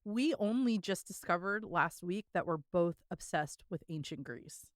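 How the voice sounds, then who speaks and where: A woman co-hosting a podcast in casual chat, playful and animated as she tells stories. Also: fairly low pitch, moderate pace, dry recording, clean studio sound. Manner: chatty and playful, animated when retelling stories. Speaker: podcast co-host.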